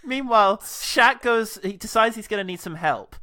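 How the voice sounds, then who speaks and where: Sardonic man with a bright, lively voice. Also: high voice, moderate pace, no echo. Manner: sardonic, laughing often. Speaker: podcast co-host. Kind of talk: comedic movie recap.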